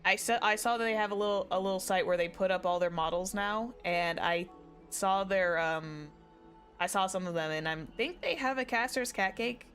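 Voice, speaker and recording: A woman's voice: mid-range voice, moderate pace, fairly bright tone, soft background music. A young woman streaming a game, chatting in a rambling way and correcting herself often. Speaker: VTuber streamer. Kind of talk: live game stream commentary.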